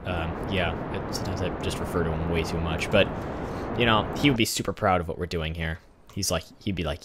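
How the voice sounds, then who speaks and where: A man's voice: deep voice, fairly even intonation, fairly quick, a bit bright, slight background noise. A young man hosting a gaming channel, rambling through chatty let's play commentary and filling the silence with asides. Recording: game music playing underneath.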